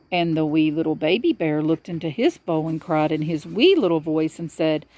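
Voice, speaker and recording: A woman reading a children's storybook aloud to a young child in a lively storyteller's manner. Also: deep voice, normal speed, few pauses.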